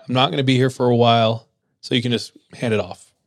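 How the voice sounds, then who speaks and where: A man's voice: mid-range voice, fairly even intonation, quick pace, no echo, clean studio sound, lightly acted. A man quoting a friendly neighbor man. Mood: casual. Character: friendly middle-aged male customer.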